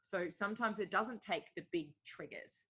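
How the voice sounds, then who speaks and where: A woman's voice: mid-range voice, normal speed, sharp tone, slightly rough. A woman talking openly as a guest in a casual conversation, reflective, with many filler words. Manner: open, reflective, heavy use of filler words.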